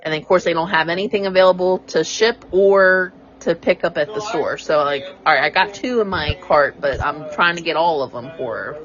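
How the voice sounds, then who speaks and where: A woman's voice: fairly low pitch, a little fast, few pauses, muffled recording. A woman co-hosting a casual podcast, telling rambling stories and laughing often. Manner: rambling storyteller, laughs easily. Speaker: podcast co-host. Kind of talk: casual chat.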